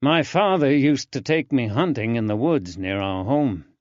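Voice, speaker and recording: A male narrator voicing an earnest, eager young man with a soft drawling accent in an audiobook. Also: mid-range voice, expressive, measured pace, no room sound, muffled recording, close to an everyday voice.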